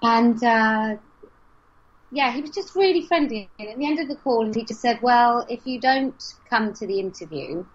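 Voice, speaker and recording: A woman's voice: a little high, lively intonation, moderate pace, breathy edge. A woman, speaking frankly and telling a story as an interview guest. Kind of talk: casual conversation. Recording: dull lo-fi podcast audio.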